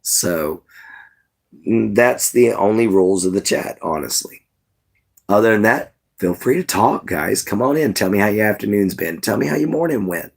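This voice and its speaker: A man's voice: on the low side, expressive, moderate pace, creaky. A man hosting a casual livestream, chatting straight to his viewers in a laid-back way with plenty of "you know"s. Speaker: livestream host.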